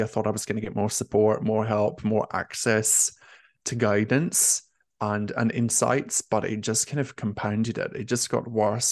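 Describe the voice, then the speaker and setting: A man's voice: on the low side, a little mellow, no room sound, studio quality. A young man, a nurse turned career coach, talking openly and emotionally in an interview, with lots of "like" fillers. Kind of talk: candid conversational interview.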